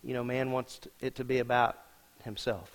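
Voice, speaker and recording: A man preaching a sermon as senior pastor, emphatic and talking straight to the congregation, dropping from loud to hushed. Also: medium pitch, level tone, normal speed. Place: church sanctuary. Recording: long reverb of a large hall.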